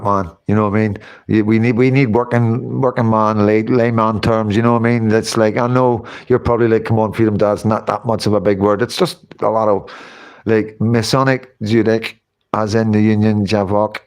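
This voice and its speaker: His voice is lowish with a darkish tone as he hosts a laid-back livestream, reading out viewers' comments, rambling along and frequently bursting out laughing.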